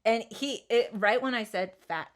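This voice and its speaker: Young woman telling a story, animated. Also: mid-range voice, normal speed. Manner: animated, swears freely, many fillers and restarts. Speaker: podcast co-host. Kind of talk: casual storytelling chat.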